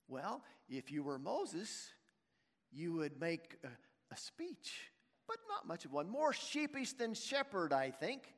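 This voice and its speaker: Male preacher, high voice, storytelling sermon, long hall reverb. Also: sing-song, slow. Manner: storytelling, asking the congregation questions.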